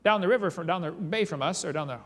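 A man's voice: high voice, fast. A man giving a creation seminar as a lecture full of dramatic storytelling, reading eyewitness accounts aloud with emphasis. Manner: animated, reads eyewitness quotes aloud with emphasis. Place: large hall or church. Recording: long reverb from a hall.

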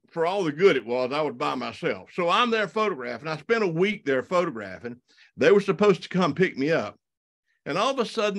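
A man with a Southern US accent from the Deep South, giving a folksy, animated slide talk full of stories and restarts. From South Alabama and North Florida. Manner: folksy, animated, many restarts and repeated words. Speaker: wildlife photographer giving a talk. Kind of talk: storytelling slide presentation.

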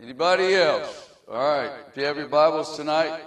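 A man preaching a sermon and leading prayer, reading scripture slowly and with emphasis. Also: on the high side, animated, fairly bright tone. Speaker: pastor. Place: church sanctuary. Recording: echoey church from a distance.

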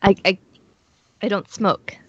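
A woman's voice: mid-range voice, steady tone, takes it slowly, muffled recording. A woman, a guest on a casual podcast chat, bubbly but hesitant, with many ums.

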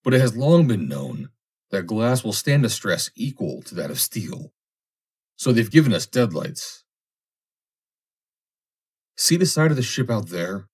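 A man's voice: on the low side, big pitch swings, measured pace, pauses often, darkish tone, husky, full character voice. Man voicing a breezy, cheery navy lieutenant. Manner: breezy and jovial.

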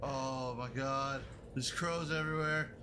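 A man's voice: mid-range voice, steady tone, unhurried, background noise. A man streaming a horror game live, reacting with nervous, profane commentary.

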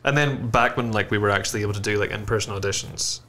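A man, a working actor and podcast guest, talking in a halting, casual way with many restarts and filler words. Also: on the low side, sharp tone, slight background noise. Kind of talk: casual chat.

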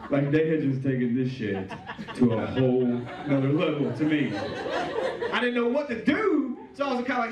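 A man's voice: high-pitched, measured pace, muffled recording, over a noisy crowd. A man doing a stand-up comedy set, telling stories and acting out the other voices. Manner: animated storytelling with acted-out voices. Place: comedy club stage. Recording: echoey room, distant mic, audience noise.

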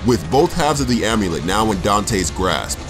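A man's voice: fairly low pitch, very animated, moderate pace. Man narrating a game recap over music. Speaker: co-host. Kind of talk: comedic game story recap.

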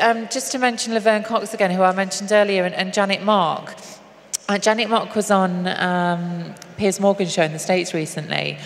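Woman guest, mid-pitch, earnest and halting, live stage with hall echo and faint hiss. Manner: earnest, halting with frequent restarts. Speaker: activist and guest. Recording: long hall reverb, faint noise.

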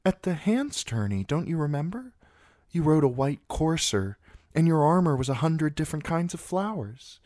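A man voicing an earnest young highborn girl, soft and hesitant, in a storybook reading. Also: sing-song, normal speed, no echo, studio quality. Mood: wistful.

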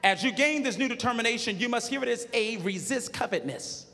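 A man preaching a sermon in a church, shouting emphatically and joking in plain colloquial speech. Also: extremely high pitch, animated, fast talker. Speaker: pastor. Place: large church sanctuary with a congregation. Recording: live church sermon with long hall reverb.

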